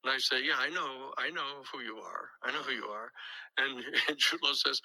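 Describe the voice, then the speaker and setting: Gravelly, bright-voiced older man telling stories. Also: mid-range voice, moderate pace, rough recording. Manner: animated storytelling, acts out quoted voices, frequent restarts. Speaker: guest storyteller. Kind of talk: casual anecdote in an interview.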